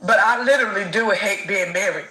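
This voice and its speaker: A woman's voice: mid-range voice, brisk, bright, forceful tone. A woman speaking frankly in a personal confession, heard in a played clip. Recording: echoey room.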